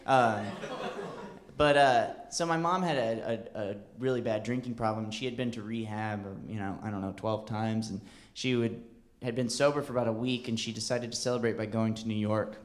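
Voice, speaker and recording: A man's voice: lowish voice, steady tone, normal speed. Rambling male stand-up storyteller. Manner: rambling, self-deprecating, hesitant. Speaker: stand-up comedian. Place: comedy club stage.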